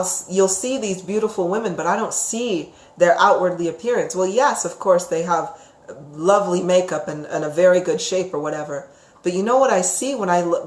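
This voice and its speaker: A woman with a fairly low voice teaches about psychic topics on a live stream, the audio carrying a roomy echo. Her style is chatty and expressive, and she reads viewer comments aloud while often asking "right?"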